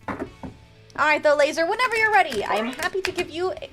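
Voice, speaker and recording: Over soft background music, a woman with a bright, high-pitched voice runs a casual live stream, teasing viewers and offering them tarot readings in a chatty, playful way. Her very animated speech jumps up and down constantly, moving at a quick pace but broken by long pauses.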